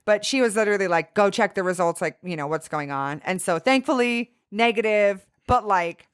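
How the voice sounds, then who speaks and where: A young woman chatting on a podcast, telling a story with lots of energy and swearing. Her pitch sits in the middle, and she acts out other people's lines as she goes. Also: moderate pace, clean tone. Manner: animated storytelling, swearing, acting out quotes. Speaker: podcast co-host. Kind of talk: casual chat.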